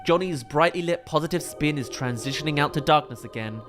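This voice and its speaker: A man reviews films in eager, detailed analysis, picking apart shots and lighting. His voice sits a little high, with faint music under his commentary. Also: a little fast. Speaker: film reviewer.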